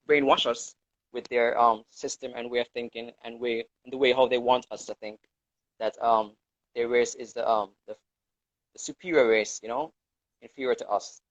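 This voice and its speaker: Male co-host, halting and filler-heavy, mid pitch, dry lo-fi recording. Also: no room sound. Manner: hesitant, fills with "um" and "you know". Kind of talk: casual discussion. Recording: dull lo-fi recording.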